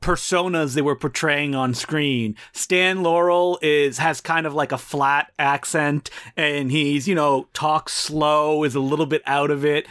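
A man's voice: fairly high pitch, fairly even intonation, a little slow, few pauses, fairly bright tone, clean tone. A man co-hosting a podcast, chatting casually about old films and often laughing as he talks. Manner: laughs often while talking. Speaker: podcast co-host. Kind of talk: casual film discussion.

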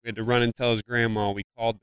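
A man's voice: mid-range voice, flat delivery, very fast, a bit bright, clean tone, dry recording. A comedian from Ohio, a man, telling a personal story in a casual podcast interview, rambling with many fillers and swearing now and then. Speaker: comedian guest.

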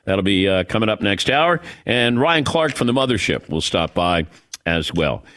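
A male sports talk radio host chats casually about football into a studio mic. His voice swings widely in pitch as he jokes and throws in asides. The sound is dry and close. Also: sing-song, fairly bright tone, no room sound. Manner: conversational, joking, quick asides. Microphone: studio broadcast mic.

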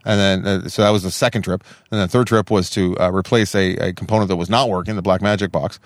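A man's voice: low voice, fairly even intonation, quick pace, dry recording, studio quality. A man co-hosting a podcast, chatting casually in a rambling, self-deprecating way and swearing freely. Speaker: podcast co-host. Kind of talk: casual chat.

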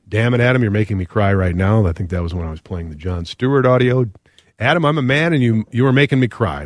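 Low-voiced man hosting a radio talk show. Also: dry recording, studio quality. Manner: earnest, reflective, with frequent "uh" pauses. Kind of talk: radio call-in talk, reading listener texts.

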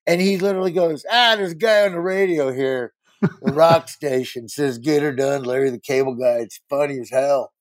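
A man's voice: on the high side, moderate pace, no room sound. A man, a comedian, telling a casual anecdote and acting out the other people in it. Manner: animated storyteller who acts out voices. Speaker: comedian guest. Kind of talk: casual storytelling.

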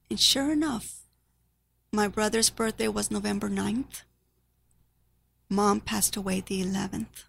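A woman's voice: medium pitch, steady tone, slow, vocal fry, pauses often, slightly rough. A middle-aged woman giving an earnest, grieving personal testimony about her family.

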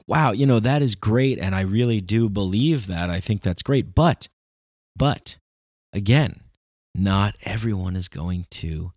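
A man's voice: lowish voice, creaky, darkish tone, no echo, studio quality. A man talking in a casual, rambling, philosophical monologue with emphatic bursts.

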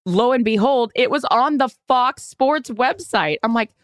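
A woman's voice: a little high, a little slow, clear, resonant tone, no echo, studio quality. A woman co-hosting a podcast in casual chat, telling stories and acting out the quotes. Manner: lively storyteller acting out quotes. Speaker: podcast co-host.

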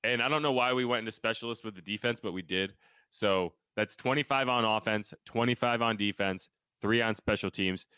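A man with a low, bright and crisp voice co-hosts a casual sports podcast. He banters in a joking, sarcastic way. The sound is close and dry. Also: fairly quick, dry recording. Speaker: podcast co-host.

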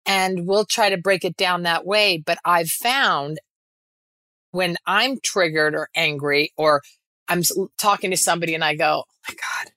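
A woman speaks as a guest on a podcast, animated and quick to act out little quotes. She restarts her sentences often. Her voice is bright and clear, and the sound is dry and close. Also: on the low side, dry recording. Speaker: actress guest. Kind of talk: casual podcast chat.

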